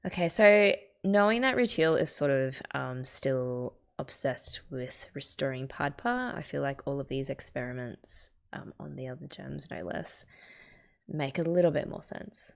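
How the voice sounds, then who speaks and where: A woman's voice: a bass voice, unhurried, vocal fry. An Australian woman hosting a casual read-along, chatting through her reactions to a comic with filler ums. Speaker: host reading a manga and reacting.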